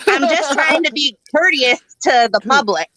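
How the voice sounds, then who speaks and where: A woman's voice: sits high, animated, moderate pace, bright, forceful tone, no echo, poor audio. A young woman doing a stand-up set, profane, rambling and brash. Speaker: stand-up comic.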